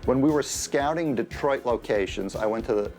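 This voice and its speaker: A male film director telling behind-the-scenes stories in an interview, animated and quick to laugh. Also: mid-range voice, soft background music. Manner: animated storytelling, laughs easily. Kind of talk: anecdotal interview.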